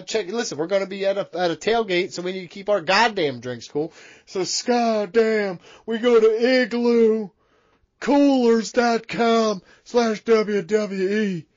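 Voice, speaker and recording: A man co-hosting a wrestling podcast, talking in rambling, excitable banter and swearing a lot. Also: high-pitched, highs cut off. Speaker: podcast co-host. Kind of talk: casual profane wrestling banter.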